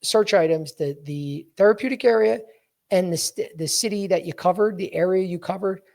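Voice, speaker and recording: Blunt gravelly-voiced man coaching. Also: high-pitched, moderate pace, a little mellow. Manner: direct and blunt, addresses listeners as "guys" and repeats key points. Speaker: podcast host and sales coach. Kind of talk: coaching talk, walking through a resume on screen.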